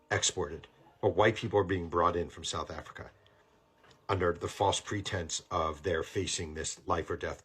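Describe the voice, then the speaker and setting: A man with a very low, husky voice delivers heated political commentary. He sounds indignant, swears freely and hammers each point home by saying it twice. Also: a bit bright.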